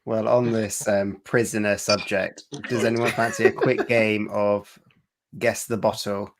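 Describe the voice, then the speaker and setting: Low-voiced man hosting a live stream. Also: measured pace, crowd noise. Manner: relaxed, explains game rules with small laughs. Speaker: stream host. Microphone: video call.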